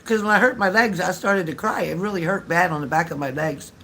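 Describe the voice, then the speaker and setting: A man's voice: sits high, fairly quick, bright, forceful tone, slight background noise. An older man hosting a casual livestream from home, talking into a phone or webcam, chatty and repeating himself as he tells stories with frequent laughs. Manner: chatty storyteller who laughs often, repeats phrases. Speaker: livestream host.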